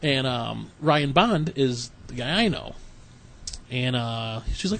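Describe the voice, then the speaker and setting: A man's voice: medium pitch, expressive, a little slow, creaky. A man co-hosting a podcast, chatting casually and rambling through stories with acted-out quotes. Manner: rambling storyteller, acts out quotes. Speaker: podcast co-host. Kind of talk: casual chat.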